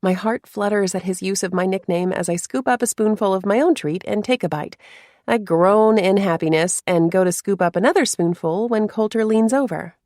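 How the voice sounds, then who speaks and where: A woman narrating a first-person romance story in a soft, confiding way, with hushed asides. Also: mid-range voice, moderate pace, dry recording, studio quality.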